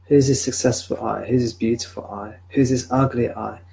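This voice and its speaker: Gentle man guiding self-enquiry. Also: mid-range voice, steady tone, normal speed, gravelly, a little hiss or hum. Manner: gentle, repetitive questioning. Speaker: spiritual teacher. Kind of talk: live satsang guidance. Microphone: video call or webcam.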